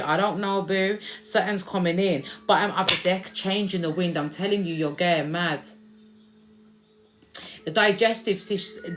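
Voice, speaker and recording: A woman giving a casual spiritual tarot reading to camera, chatty, checking in with "okay?" and calling viewers "babes". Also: on the low side. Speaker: tarot reader.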